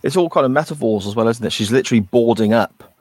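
A man's voice: medium pitch, fast talker, darkish tone, dry recording. A man co-hosting a podcast, thinking aloud and second-guessing himself while discussing a TV episode. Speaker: podcast co-host. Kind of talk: casual chat reviewing a TV episode.

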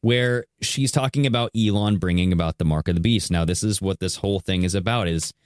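A man's voice: low-pitched, fairly quick, darkish tone, clear, resonant tone, dry recording, studio quality. A man hosting a podcast, explaining a clip he has just played and checking in with his listeners. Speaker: podcast host.

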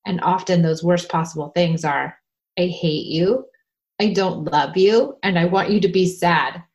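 A woman co-hosting a parenting podcast, explaining ideas in a calm, advice-giving way. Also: fairly low pitch, a little slow. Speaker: podcast co-host. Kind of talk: casual parenting podcast talk.

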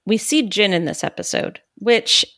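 A woman's voice: mid-range voice, lively intonation, moderate pace, a bit bright, no room sound, clean studio sound. Blunt woman co-hosting a podcast. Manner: blunt, opinionated. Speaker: podcast co-host. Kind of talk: casual TV show discussion.

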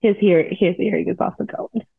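A woman's voice: on the low side, fairly even intonation, moderate pace, creaky, husky. A woman co-hosting a podcast in casual banter, laughing easily, heard through earbuds on a video call. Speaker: podcast co-host. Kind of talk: casual chat. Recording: tinny phone-like call audio.

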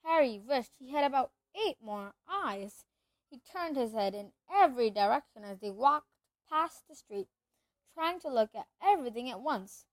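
A woman's voice: high voice, lively intonation, moderate pace, no room sound. A woman narrating a children's storybook aloud, reading steadily with the occasional slip and restart. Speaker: reader.

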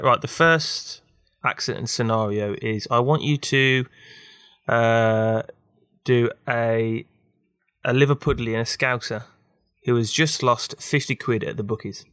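Brief: young podcast host, skeptical and sweary, dry close sound. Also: male voice, medium pitch, steady tone, a little slow, a bit bright, no echo. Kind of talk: casual chat.

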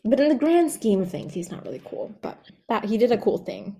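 A woman chatting casually with a friend, playful and quick to laugh. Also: fairly high pitch, sing-song, warm tone, husky. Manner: playful, laughing often, rating people as cool or not. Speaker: co-host. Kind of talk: casual chat.

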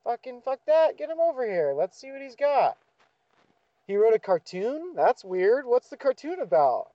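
A man's voice: high-pitched, very animated, normal speed, no echo, highs cut off, voice pushed up. A man putting on the voice of an eager male talent scout who is amazed and impressed. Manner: incredulous exclamations.

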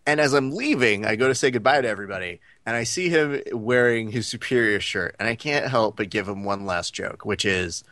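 A man's voice: on the low side, brisk, few pauses, no room sound, clean studio sound. A man co-hosting a podcast, telling a story casually and acting out the lines of the people in it. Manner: animated storyteller, acts out quoted lines. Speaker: podcast co-host.

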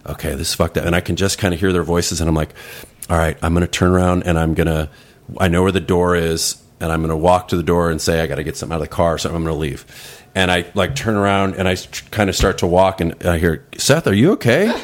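Man, lowish voice, loose rambling storyteller with lots of restarts; podcast guest. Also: little pitch movement, fast talker. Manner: rambling, acts out voices in quotes. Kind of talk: casual storytelling.

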